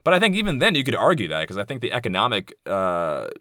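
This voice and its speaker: A man's voice: mid-range voice, wildly swooping pitch, fast, pushed and bright, dry recording, studio quality. A man in his thirties hosting a podcast in a casual monologue, speaking candidly and bluntly, swearing freely and wandering into asides. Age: 30s. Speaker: podcast host.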